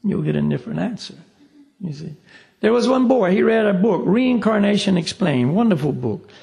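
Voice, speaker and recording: A man with a fairly high, gravelly voice gives a spiritual class lecture. He talks in a loose, conversational way, keeps adding "you see" and plays out short back-and-forth dialogues as he teaches. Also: animated, normal speed, darkish tone. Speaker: meditation teacher. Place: meditation class room.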